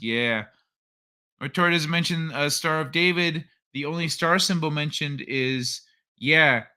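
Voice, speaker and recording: Bright-voiced man rambling on a livestream. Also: a little high. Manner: rambling, thinks aloud, frequent restarts. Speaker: livestream host. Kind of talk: casual chat reading viewer comments.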